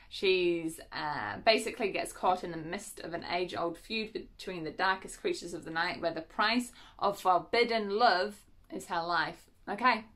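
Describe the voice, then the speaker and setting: A woman's voice: medium pitch, a bit bright. A woman chatting casually as she unboxes books at home, correcting herself often and giggling. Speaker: book vlogger.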